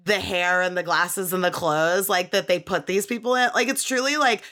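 A woman's voice: lowish voice, steady tone, normal speed, sharp tone. A woman hosting a podcast, talking casually with many filler words and plenty of swearing. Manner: chatty, profane, frequent "like" fillers. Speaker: podcast host. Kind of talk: casual chat.

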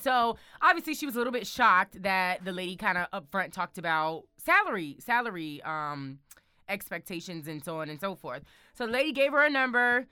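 A woman's voice: medium pitch, sing-song, brisk, pushed and bright, smooth, no echo, studio quality, faint music behind. A woman hosting a casual motivational talk, sassy and emphatic, calling the listener honey. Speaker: show host.

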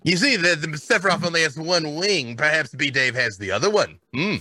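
A man trades jokes about game lore in florid, mock-formal phrasing, his slightly higher voice bright and lively in pitch. The sound is dry and close to the mic. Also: brisk, no room sound. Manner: wordy, mock-formal and playful. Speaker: co-host and lore expert. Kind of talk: casual livestream chat.

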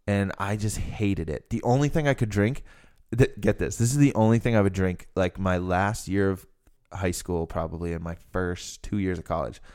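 A man's voice: low-pitched, normal speed, darkish tone, clean tone. A young man from Rhode Island hosting a podcast, chatting casually and rambling with lots of fillers. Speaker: podcast host. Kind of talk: casual chat.

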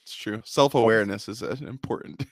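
A man in casual chat who laughs easily and throws in quick jokes. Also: fairly low pitch, vocal fry.

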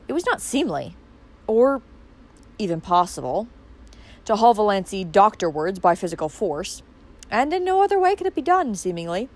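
A woman's voice: mid-range voice, normal speed, pauses often. A woman narrating a classic novel as an audiobook, reading expressively. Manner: expressive, wide-ranging delivery.

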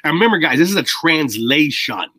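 A man's voice: a little high, expressive, a little fast, bright, forceful tone, slightly rough, dry recording, poor audio. A man co-hosting a casual chat, explaining at length in a rambling, emphatic way and stressing key words.

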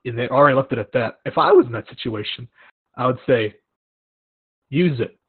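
A young man hosting a casual chat, telling animated stories and acting out what people said. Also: medium pitch, a little fast, husky, no echo. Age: young adult. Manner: animated storytelling with acted-out quotes. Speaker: podcast host. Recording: tinny phone-like line, dry.

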